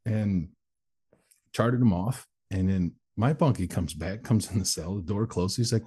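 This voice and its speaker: A man speaks as an interview guest, recounting his own life bluntly and without polish, swearing now and then. His voice sits low and dark with a husky, breathy edge. He talks plainly, like someone used to telling this story to a crowd. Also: unhurried. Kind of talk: candid personal storytelling in conversation.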